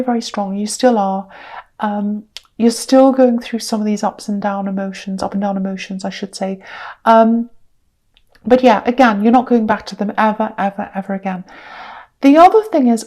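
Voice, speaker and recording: A woman's voice: fairly high pitch, dark tone. A woman giving a tarot reading straight to the viewer, emphatic and repetitive, with many ums and the odd drop to a whisper. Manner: emphatic, repeats words, frequent ums, sometimes drops to a whisper. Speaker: tarot reader.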